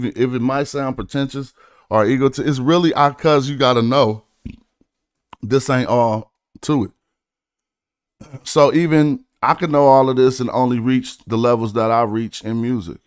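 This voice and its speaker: A man's voice: mid-range voice, clear, resonant tone, no room sound, studio quality. A man streaming casually, chatting. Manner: laid-back slang, breaks down rhymes syllable by syllable. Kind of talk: casual livestream chat about rap and study.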